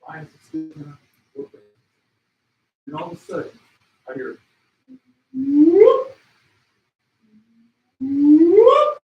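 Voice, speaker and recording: A man telling wildlife photography stories to an expo audience, excitable and loud at the peaks, acting out the animals. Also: on the high side, moderate pace, pauses often, echoey room, far from the mic, dull audio, faint music behind. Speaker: wildlife photographer giving a talk. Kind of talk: animated storytelling presentation. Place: expo hall. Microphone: handheld mic.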